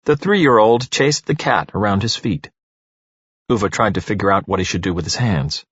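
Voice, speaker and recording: Expressive male audiobook narrator, husky voice, dull lo-fi recording. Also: lowish voice, moderate pace, no room sound. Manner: expressive, storytelling.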